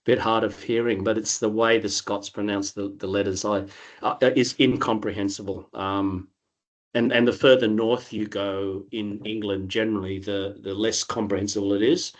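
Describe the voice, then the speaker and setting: Middle-aged Australian guest, low voice, easygoing and rambling, heard over a video call. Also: male voice, normal speed. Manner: relaxed, rambling, with frequent restarts. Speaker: interview guest. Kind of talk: casual conversational answers.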